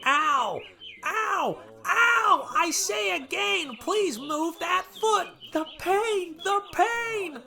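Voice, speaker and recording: A man voicing a pompous male dinosaur president, crying out in high strained yells. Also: lively intonation, extremely slow, creaky, exaggerated voice. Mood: pained yelling. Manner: yelling in high strained cries.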